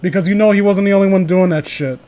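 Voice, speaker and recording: Young male host, high voice, sarcastic, profane, comedic read-through. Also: fast, warm tone. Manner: sarcastic, swears, laughs, mock voices for quotes. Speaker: host reading fan fiction aloud. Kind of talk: casual comedic reading and commentary.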